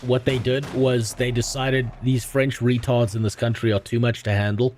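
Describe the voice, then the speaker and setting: A young man chats casually while streaming a game, rambling from topic to topic. His jokes are crude and delivered deadpan. His voice is mid-pitched, with a faint hum in the background. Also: moderate pace. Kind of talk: casual chat while gaming.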